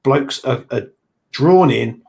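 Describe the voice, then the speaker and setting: A man's voice: mid-range voice, animated, slow pace, vocal fry, darkish tone. A man co-hosting a live stream in casual chat, blunt and matter-of-fact. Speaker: co-host.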